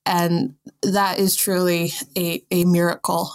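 A woman's voice: fairly low pitch, level tone, takes it slowly, darkish tone. A young adult woman co-hosting a podcast in casual chat, playful and self-mocking, laughing often. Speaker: podcast co-host.

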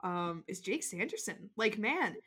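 A woman co-hosting a laid-back hockey podcast, her pitch sitting in the usual middle for a woman. She talks in a loose, chatty way, sprinkling in "like" and murmured agreement. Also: sing-song, a little slow, fairly bright tone, slightly rough. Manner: chatty, frequent "like" and "mm-hmm". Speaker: podcast co-host. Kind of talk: casual sports chat.

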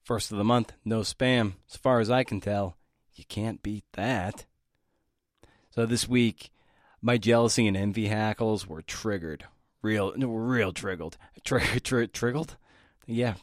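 A man with a fairly low voice hosts his own podcast, talking in a loose, slangy, self-deprecating way. He trips over his words and restarts now and then. The sound is dry and close, with no room around it. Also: fairly even intonation, a little slow, no echo. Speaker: podcast host. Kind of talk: casual podcast monologue.

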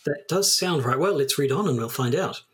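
A man co-hosting a podcast, speaking in a measured, dry way and reading passages from a paper aloud. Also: a little high, animated, a bit bright, breathy edge. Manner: measured, dry, with hesitant fillers. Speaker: podcast co-host.

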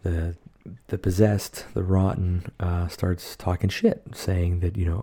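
A podcast co-host with a low, warm voice speaks at a moderate pace and a steady tone. He recaps a horror movie casually, rambling and swearing with plenty of fillers.

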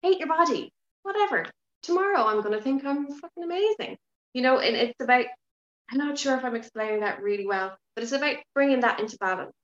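A woman talking as a podcast guest in casual interview chat, frank and lively, swearing now and then. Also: high-pitched, brisk, echoey room, dull audio. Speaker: podcast guest, yoga teacher.

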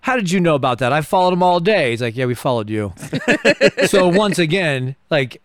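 A man's voice: high voice, big pitch swings, normal speed, fairly bright tone, no echo. A man co-hosting a casual movie-review podcast, laughing often and tossing in mocking asides. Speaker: podcast co-host.

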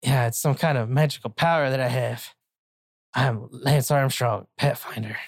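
A woman voicing a bumbling, self-important male pet detective who talks in a blustery deadpan. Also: very deep voice, moderate pace, no echo, studio quality.

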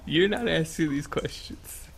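A man running a tabletop game as game master, guiding the players in a relaxed way. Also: fairly high pitch, measured pace, creaky, a little hiss or hum.

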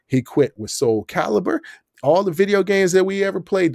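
A young man hosting a podcast, telling a story in a casual, animated way, laughing often and acting out what people said. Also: mid-range voice, no echo, clean studio sound. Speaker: podcast host.

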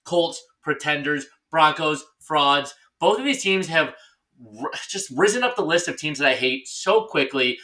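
A man's voice: a little high, big pitch swings, normal speed, sharp tone. A man co-hosting a podcast in casual chat, joking and ranting. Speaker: podcast co-host.

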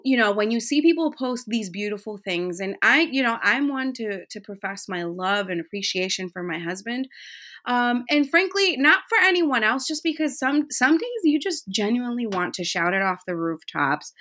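A woman in her thirties talks in a casual, heartfelt monologue, chatty and full of fillers. Her tone is bright and forward, and her pitch sits in a middle range. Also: normal speed. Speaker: podcast host.

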